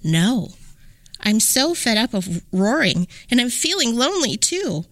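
Woman doing a lonely she-dragon, soft whisper, sad, lively pitch, dry sound. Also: unhurried, no echo. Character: lonely weary female dragon.

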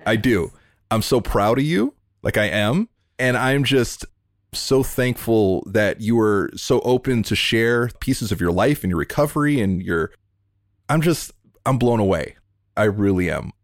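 A man hosting a podcast interview over a remote call, talking in an earnest, heartfelt way and in quick bursts. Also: fairly low pitch, expressive, dry recording, studio quality. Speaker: podcast host. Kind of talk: emotional interview conversation.

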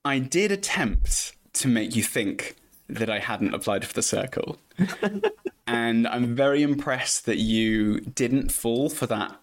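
A man from the United Kingdom, a podcast guest chatting in a jokey, animated way. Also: mid-range voice, takes it slowly. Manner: animated, jokey, laughs often. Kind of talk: casual interview chat.

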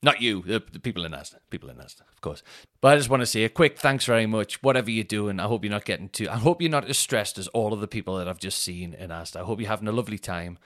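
A podcast host tells a rambling, sweary story about a shopping trip, laughing as he goes in a casual monologue. His voice is lowish and a bit bright, with lively intonation and a fast pace.

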